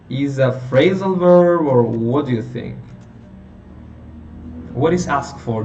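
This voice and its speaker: Male phonetics teacher, patient and slow, quizzes students, faint hiss behind. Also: mid-range voice, a little mellow, muffled recording. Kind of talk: online phonetics lesson. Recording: echoey room, a little far from mic, faint hiss.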